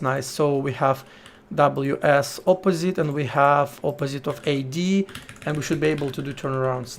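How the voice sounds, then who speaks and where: A man's voice: on the high side, a little slow, gravelly, a little hiss or hum. A man streaming as he programs, chatting casually to his viewers, thinking aloud in short bursts with slang and swearing. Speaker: live-coding streamer. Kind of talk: casual live-stream chat while programming.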